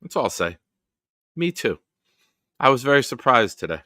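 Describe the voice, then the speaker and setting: A man's voice: medium pitch, big pitch swings, moderate pace, pushed and bright, dry recording, studio quality. A man hosting a football fan livestream from his basement, rambling and swearing casually. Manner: rambling and profane. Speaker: host of a football fan show. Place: home basement.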